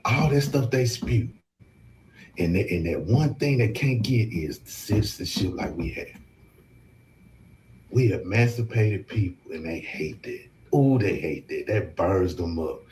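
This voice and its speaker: A man on a casual panel, speaking in slow, emphatic, repeated phrases. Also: sits low, animated, darkish tone, slight background noise.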